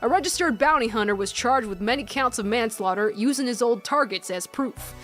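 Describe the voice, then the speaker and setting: A woman voicing a calm young woman who tells a grim tale in a slow, measured way. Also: a little high, faint music behind. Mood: storytelling. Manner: measured, slow storytelling read. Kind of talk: reading a visual novel aloud.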